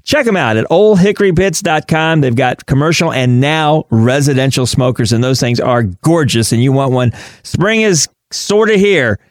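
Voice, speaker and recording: A man's voice: mid-range voice, animated, normal speed, dry recording, clean studio sound. A man co-hosting a radio talk show, chatting enthusiastically and laughing often.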